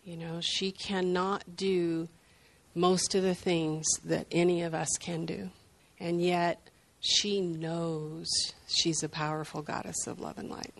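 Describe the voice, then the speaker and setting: An older grandmother telling a heartfelt personal story in an unhurried, reflective way. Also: on the low side, level tone, vocal fry. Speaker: group sharer.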